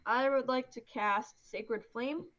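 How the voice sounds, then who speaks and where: A woman's voice: on the high side, slow, fairly bright tone. Upbeat woman player, dull lo-fi audio. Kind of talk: casual game chat. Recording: dull lo-fi audio with faint noise.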